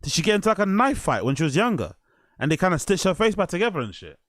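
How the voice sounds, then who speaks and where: A man's voice: sits high, big pitch swings, fast, no room sound, clean studio sound. A man hosting a reaction show, talking in a crude, rambling way and laughing easily. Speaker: host. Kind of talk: reaction commentary.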